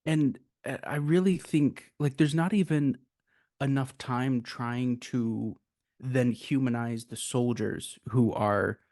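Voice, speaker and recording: A man's voice: mid-range voice, takes it slowly, a little mellow, no echo, clean studio sound. A man co-hosting a casual film review, making earnest points with rhetorical questions. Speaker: podcast co-host.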